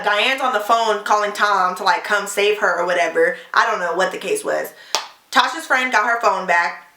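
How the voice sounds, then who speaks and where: A young woman telling a storytime on her vlog, animated and profane, acting out the quotes of the people in the story. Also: mid-range voice, echoey room. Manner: animated, profane, fired-up retelling with acted quotes. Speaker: beauty vlogger.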